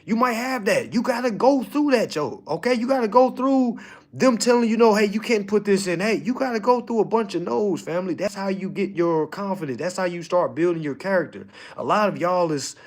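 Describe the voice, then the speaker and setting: A man with a slightly high voice teaching his students in a loose, motivational style. He is emphatic and preachy, checking in with "all right?" after nearly every point. He drops to a low mutter, then rises into loud, pushing exhortation. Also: brisk. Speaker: online course teacher. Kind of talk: casual motivational lecture.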